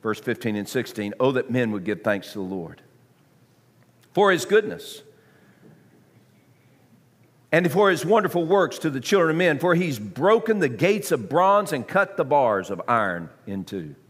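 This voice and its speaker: A man preaching a sermon to a congregation, swinging from hushed tones to near-shouting. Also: mid-range voice, big pitch swings, moderate pace, pauses often, big-room sound. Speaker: pastor.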